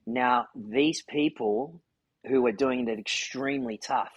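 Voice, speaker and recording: A man's voice: mid-range voice, slow pace, husky, no echo, highs cut off. A man hosting a podcast, telling a story in an earnest, heartfelt way. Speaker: podcast host. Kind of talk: casual chat.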